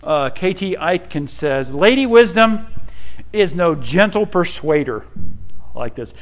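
A middle-aged male pastor preaching a sermon, earnest, dropping to hushed tones and rising to emphatic peaks. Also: on the high side, expressive, unhurried.

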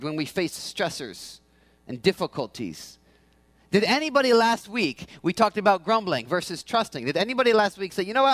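A man serving as pastor, moving from a quiet prayer into a casual, conversational sermon. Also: high voice, no room sound. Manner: prays softly, then preaches in a conversational, animated way.

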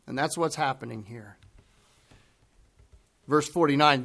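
Slow, earnest male preacher. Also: on the high side. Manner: earnest preacher who acts out quoted voices, swings from hushed to loud. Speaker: pastor. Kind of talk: expository sermon.

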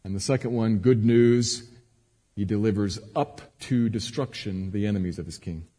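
Husky guy preaching, long reverb, goes from quiet teaching to loud emphatic bits. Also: lowish voice, moderate pace. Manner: swings from quiet earnest teaching to raised emphatic cries. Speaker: pastor. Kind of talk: sermon.

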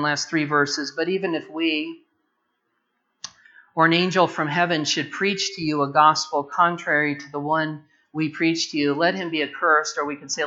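A man preaching a sermon with a bright, forceful, somewhat high voice. He builds from quiet prayer to loud, emphatic declarations. The recording sounds dull and lo-fi. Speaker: pastor.

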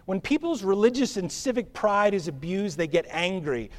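A man preaching a sermon as pastor, with a conversational, animated delivery. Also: high voice, normal speed. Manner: animated, conversational preaching with acted-out crowd voices.

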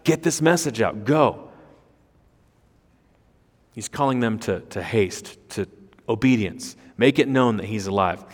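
A man's voice: on the low side, expressive, unhurried, pauses often. A man preaching an expository sermon, emphatic, with rhetorical questions and repeated words. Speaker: pastor. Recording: long reverb of a large hall.

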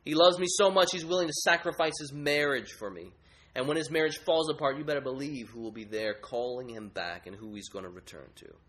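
A man preaching voices a sly, seductive female idol of lust, low and drawn out. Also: a little fast, a bit bright, natural voice.

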